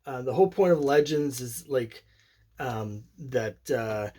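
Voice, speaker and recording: A man with a mellow, mid-range voice and lively intonation takes his time as he chats alone about his comic collection. His commentary is casual, rambling, and opinionated, with lots of fillers and restarts.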